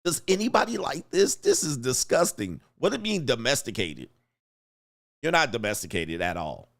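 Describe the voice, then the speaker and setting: A man's voice: mid-range voice, huge pitch swings, normal speed, vocal fry, fairly bright tone. A man hosting a livestream reaction commentary, talking in a blunt, mocking way and chuckling often. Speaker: commentary host.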